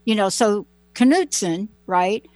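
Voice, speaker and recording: A woman's voice: mid-range voice, expressive, slow, a little mellow, dry recording. A woman hosting a talk show, chatting in a rambling, personal, folksy way. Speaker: host. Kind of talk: casual chat.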